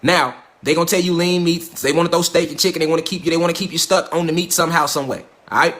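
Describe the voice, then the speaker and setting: A man preaches to his livestream viewers in a profane, mocking rant. His voice sits high and the words tumble out fast. The phone audio carries a roomy echo. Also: fairly even intonation, fairly bright tone. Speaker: livestream host.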